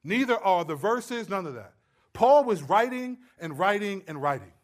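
A man preaching a sermon, stressing points loudly and then dropping to low, quiet asides. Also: big pitch swings, moderate pace. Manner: emphatic, swings between loud stresses and low quiet asides. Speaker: pastor.

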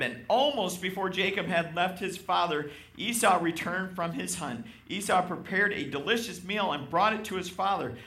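A male pastor delivering a sermon in a slightly high, bright and forceful voice. He reads scripture and leans into his points with emphasis, speaking straight to his congregation. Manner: emphatic, addresses congregation directly.

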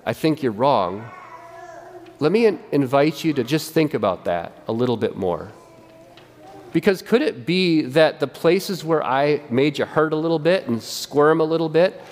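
A man preaching a sermon as pastor, animated and conversational, often repeating and restarting his words. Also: a little high, in a large hall, slight background noise. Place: church sanctuary.

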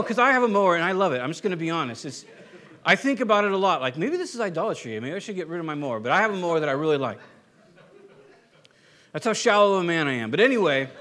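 A man's voice: high-pitched, bright, forceful tone. A man preaching a sermon to his church in a conversational way. He keeps checking in with "right?" and acts out the people in his examples. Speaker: pastor.

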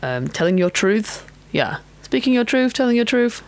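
A woman's voice: a little high, very animated, normal speed, a little mellow. A woman who coaches pole dancers, hosting a casual solo podcast in a chatty, frank way, with self-mocking laughs and many fillers.

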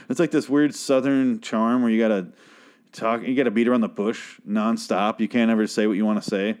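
Man with a lowish voice for a casual show recap: rambling, swears a lot, breaks off mid-sentence, laughs often. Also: steady tone, moderate pace, darkish tone. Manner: profane, self-interrupting, laughs often.

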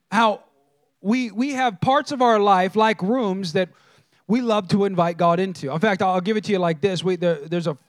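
Pastor, male, high voice, playful storyteller who works the crowd with questions. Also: no room sound, clean studio sound. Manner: animated, engages the crowd with questions. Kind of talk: humorous storytelling sermon.

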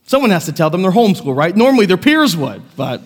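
A male pastor delivers an earnest sermon, his fairly high voice rising and falling in wide swings between soft reflection and raised passion. The sanctuary lends a long, lingering reverb. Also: sing-song, fast talker. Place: church sanctuary.

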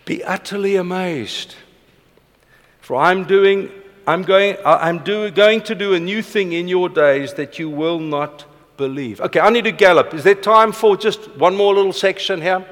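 A middle-aged man preaching a passionate sermon, rushing ahead and then slowing for emphasis. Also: sits high, a bit bright. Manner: passionate, fast-paced with sudden slow emphatic drops. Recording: long reverb of a large hall.

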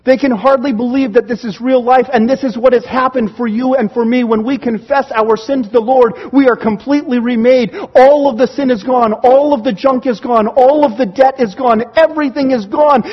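A man preaching a sermon in church, telling stories with animated, excited reactions. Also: very high-pitched, moderate pace, few pauses, muffled recording. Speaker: pastor. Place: church sanctuary.

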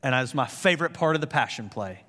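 Talking fast in a mid-range voice, a man preaches as pastor, earnest and leaning on rhetorical questions. His stories make him increasingly animated, all captured with long hall reverb.

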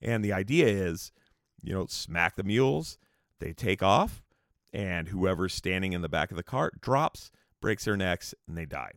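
A man's voice: deep voice, animated, unhurried, fairly bright tone, no echo, studio quality. A man hosting a podcast, telling a history story casually, rambling with restarts and asides. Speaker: podcast host.

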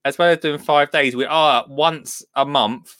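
A man's voice: fairly high pitch, fairly even intonation, a little slow, a bit bright, no echo, studio quality. A man presenting a radio show, bantering easily and laughing with his co-host. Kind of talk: casual radio chat.

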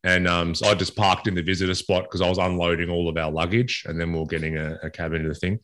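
A man co-hosting a podcast, telling a story casually with a relaxed, rambling manner. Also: low voice, fast talker. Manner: relaxed, rambling anecdotes with fillers. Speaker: podcast co-host.

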